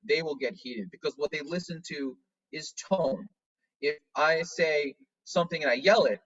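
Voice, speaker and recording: Man explaining calmly over a distant call. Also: fairly high pitch, dull audio. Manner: measured, repeats and restarts phrases while explaining. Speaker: dance studio director. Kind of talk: instructional talk on a video call.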